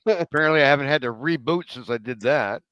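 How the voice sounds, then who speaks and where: A man's voice: medium pitch, fast, a bit bright, clean tone, no room sound, dull audio. A man co-hosting a casual panel chat from his couch over a video call, asking blunt questions. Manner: curious, asks questions bluntly. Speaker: co-host. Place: home living room couch.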